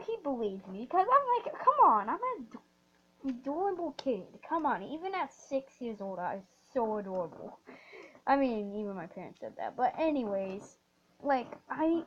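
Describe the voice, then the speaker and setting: A woman telling a rambling, excitable story while playing a game, often restarting her sentences. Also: high voice, dull audio. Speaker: gaming storyteller. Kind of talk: storytime over gameplay.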